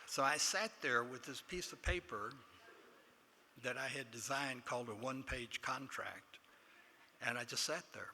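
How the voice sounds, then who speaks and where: A man's voice: mid-range voice, measured pace, pushed and bright. Older Texan man telling a story in a hall. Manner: self-deprecating storyteller, quotes others in dialogue. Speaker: award inductee giving acceptance speech. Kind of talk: anecdotal speech. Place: large banquet hall. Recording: long hall reverb, faint room noise.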